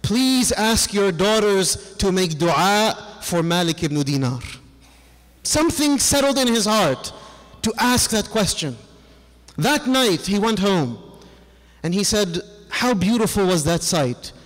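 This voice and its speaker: A man's voice: high voice, animated, slow, a bit bright. Earnest man preaching in a reverberant hall. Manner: earnest, quotes the figures of his story in his own voice. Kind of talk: sermon storytelling.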